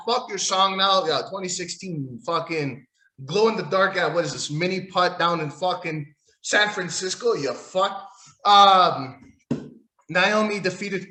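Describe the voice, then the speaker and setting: A man's voice: high-pitched, bright, forceful tone. Profane, rambling male podcaster. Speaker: podcast host. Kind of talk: solo podcast recap. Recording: echoey room.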